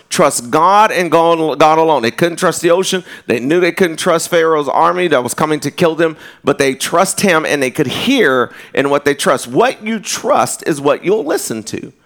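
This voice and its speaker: A man's voice: on the high side, fairly bright tone. A man preaching a sermon earnestly, often restarting his phrases. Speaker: pastor.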